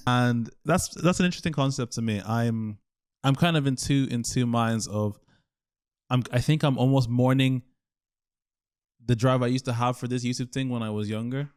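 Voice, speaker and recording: A man's voice: mid-range voice, darkish tone, clear, resonant tone. A man in his twenties, from Ireland, talking alone to the camera and thinking aloud in a rambling, self-questioning way. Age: 20s. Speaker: YouTuber. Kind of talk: solo reflective talk over gameplay.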